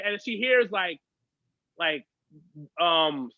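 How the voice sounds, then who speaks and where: A man's voice: high voice, expressive, normal speed, dry recording, highs cut off. A man, a guest on a podcast, telling stories in chatty, profane casual conversation. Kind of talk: casual chat.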